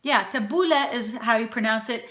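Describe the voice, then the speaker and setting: Bright-voiced woman host, playful and relaxed. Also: on the high side, moderate pace. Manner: relaxed, playful, teasing, repeats words to demonstrate pronunciation. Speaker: cooking channel host. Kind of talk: casual talk to camera. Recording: echoey room.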